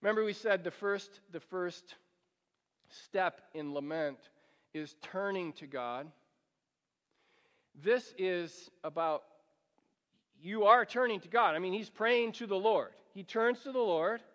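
High-voiced preaching man in a reverberant hall. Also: lively intonation, slow pace, long pauses, fairly bright tone. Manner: earnest preaching, pleads with the congregation. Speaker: pastor. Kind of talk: sermon.

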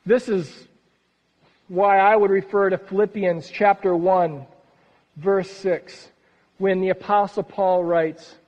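A man delivers a sermon as a pastor in an earnest, lively way, sinking to a hush at the close of phrases. His voice sits high for a man. The recording is dull and echoes through a long-reverb church hall. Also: slow pace.

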